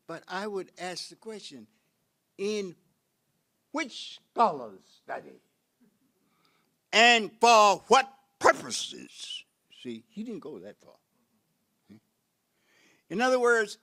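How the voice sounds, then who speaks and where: An older American professor gives a reflective conference lecture packed with rhetorical questions, occasionally halting with fillers and restarts. His voice is high with a sharp tone.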